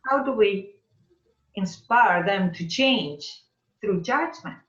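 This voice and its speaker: A woman speaking as a guest on a video call, reflective and musing with hesitant pauses. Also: mid-range voice, lively intonation, fairly bright tone, roomy sound, lo-fi sound. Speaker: interview guest.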